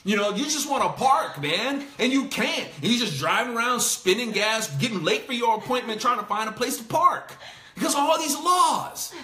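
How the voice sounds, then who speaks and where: A man hosting a casual Bible discussion, talking in an animated way, laughing and acting out the quotes he reads. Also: very high voice, roomy sound. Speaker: host.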